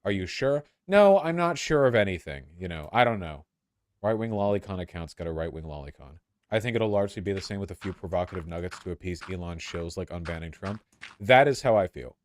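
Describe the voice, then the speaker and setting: A man's voice: low voice, lively intonation, fairly quick, no echo. A man chatting on a livestream, hesitant and hedging, stumbling over restarts as he gives his takes. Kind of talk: casual livestream chat.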